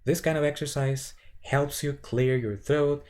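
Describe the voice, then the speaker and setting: A man teaching voice warm-up exercises in a halting way, with many fillers and restarts, sometimes counting aloud. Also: a little high, fairly even intonation. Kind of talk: instructional lecture with vocal demonstrations.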